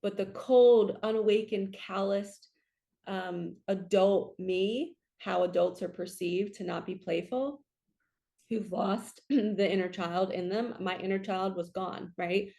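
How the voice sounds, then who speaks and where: A woman spiritual coach gives an earnest, chatty reading, regularly checking in with "right?" and animating her stories with acted-out quotes. She speaks slowly in a mid-range voice with vocal fry.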